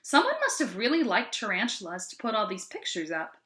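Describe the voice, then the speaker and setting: A woman reads a sassy red-haired preteen girl from a storybook in a plain, lightly sulky voice close to her own. The tone is bright. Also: mid-range voice, huge pitch swings, brisk.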